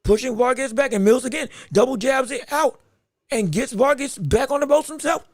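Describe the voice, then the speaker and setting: A man hosting a live podcast, giving rapid round-by-round boxing commentary with excited outbursts. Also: extremely high pitch, dry recording, studio quality. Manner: rapid play-by-play, excited outbursts, talks to the chat. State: hiccups.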